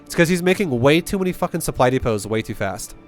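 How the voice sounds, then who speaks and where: A man's voice: mid-range voice, expressive, fast talker, soft background music. A man coaching a player through a replay in casual, blunt commentary, cursing freely and hammering his points home by repeating them. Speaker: StarCraft coach.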